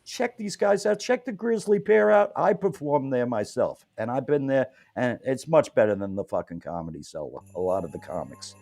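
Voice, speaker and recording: A man's voice: mid-range voice, sing-song, normal speed, creaky, hardly any pauses, darkish tone. A man hosting an interview show, playful and loose in casual chat. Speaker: host.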